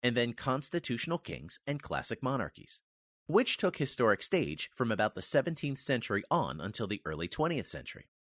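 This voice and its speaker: A man reads a nonfiction history text in a formal, measured way and leans hard on key words. His voice sits at an ordinary middle pitch but swings up and down a lot. The sound is close and dry, with no room around it. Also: big pitch swings, a bit bright, no echo. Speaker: reader of a history book.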